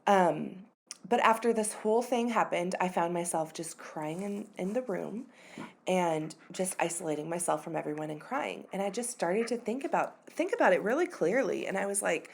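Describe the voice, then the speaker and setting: A woman's voice: on the low side, lively intonation, normal speed, gravelly. A woman in her thirties hosting her own podcast, talking openly about a hard personal moment in a casual, confessional way, full of "like" and "you know", her voice sometimes close to tears. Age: 30s. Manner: candid and confessional, uses many fillers like "like" and "you know". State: emotional, voice near tears at times. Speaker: podcast host.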